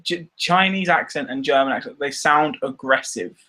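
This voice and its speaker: A man's voice: a little high, moderate pace, pushed and bright. A Scottish man chatting casually on a live stream, rambling and laughing often. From Scotland. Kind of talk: casual chat.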